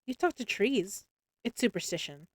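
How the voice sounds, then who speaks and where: A quick-witted young woman full of playful teasing, read by a woman in her own voice. Her speech sits at an ordinary pitch with a dry, close sound. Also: animated, dry recording, lightly acted.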